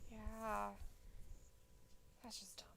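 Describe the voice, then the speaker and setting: A woman's voice: medium pitch, little pitch movement, extremely slow, gravelly, pushed and bright, slight background noise. A woman co-hosting a casual wrestling live stream, reading viewer comments aloud and reacting bluntly with plenty of swearing. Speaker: co-host reading chat.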